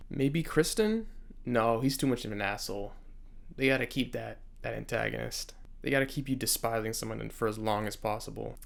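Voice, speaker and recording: A young man giving casual reaction commentary, joking and often breaking into laughter. His voice sits mid-pitch with a gravelly edge. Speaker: reaction video host.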